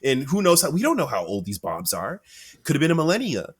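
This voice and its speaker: A man co-hosting a podcast, joking around in casual chat, with his voice jumping up when he gets excited. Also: brisk, slightly rough. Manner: joking, playful, pitch jumps up when excited. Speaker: podcast co-host.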